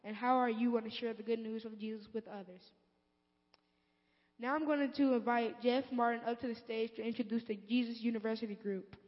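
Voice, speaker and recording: A woman's voice: fairly high pitch, steady tone, a little fast. A woman speaking earnestly to a church congregation, with small stumbles. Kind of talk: exhortation to congregation. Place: church sanctuary. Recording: lo-fi with long hall reverb.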